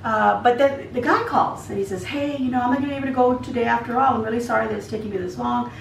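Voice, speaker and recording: A woman chats through a storytime vlog in a loose, animated way and plays every part of the exchange herself. Her voice sits a little high. She sounds set back from the mic in an echoey room with a faint hum underneath. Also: quick pace, gravelly, recorded from a distance. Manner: animated retelling, acts out dialogue. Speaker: vlogger. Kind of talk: casual storytime chat.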